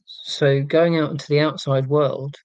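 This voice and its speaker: Forties male livestream host, warm and relaxed, casual meandering chat with viewers, wry asides. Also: a little high, measured pace, dry recording, muffled recording. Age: 40s. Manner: rambling, wry and self-mocking, with many fillers and restarts.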